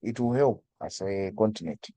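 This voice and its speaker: A man's voice: on the low side, normal speed, dark tone, dry recording. A man from Malawi, a guest speaker on energy, explaining things over a video call with frequent restarts and stammers. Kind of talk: webinar discussion.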